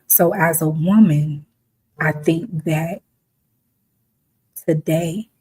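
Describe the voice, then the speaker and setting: A woman's voice: low-pitched, steady tone, drawn-out words, mellow, slightly rough. A woman hosting a reflective talk, speaking emphatically and conversationally, sometimes acting out the voices of the people she quotes. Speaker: host.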